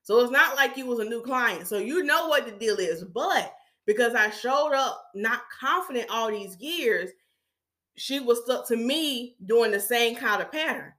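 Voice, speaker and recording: A woman hair stylist hosting a podcast, telling stories about her clients in a casual, animated way and acting out their voices. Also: a little high, measured pace. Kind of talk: storytelling podcast talk.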